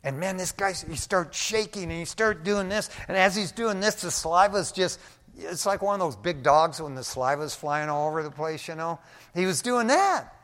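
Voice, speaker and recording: An older man preaching a sermon, telling a testimony in an animated, folksy way and often dropping "man" into his sentences. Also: high-pitched, normal speed. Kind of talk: storytelling sermon. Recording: long hall reverb.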